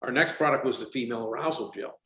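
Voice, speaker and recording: A man in his sixties talks at a middle pitch, chatty and animated, slipping into the voices of the people in his stories. The room rings around him, giving his voice a noticeable echo. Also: fast. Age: 60s. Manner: animated storyteller, acts out quotes. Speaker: company CEO guest. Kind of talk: casual podcast interview. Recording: roomy echo.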